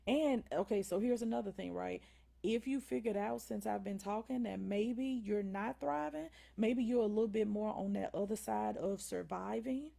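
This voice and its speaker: A woman's voice: medium pitch, creaky, dark tone. A woman with a Southern drawl, hosting a faith-based motivational livestream and often asking the viewers "right?" and "y'all". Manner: preachy, repeats "right?" and "y'all". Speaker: livestream host.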